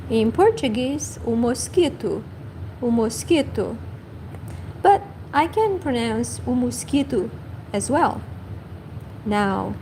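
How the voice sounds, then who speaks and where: Woman, language teacher, livestream lesson, very unhurried, repeats words carefully, slightly high voice. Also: a little mellow, slight background noise, poor audio. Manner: repeats each word slowly and carefully. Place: home livestream.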